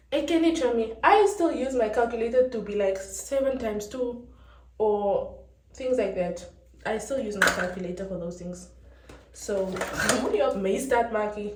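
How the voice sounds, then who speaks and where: A woman's voice: on the high side, a little hiss or hum. Namibian girl vlogging at home, chatty, flips between english and afrikaans, mic kinda far off, echoey room. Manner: chatty and animated, switching between English and Afrikaans with frequent laughs. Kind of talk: casual chat. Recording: roomy echo, mic set back.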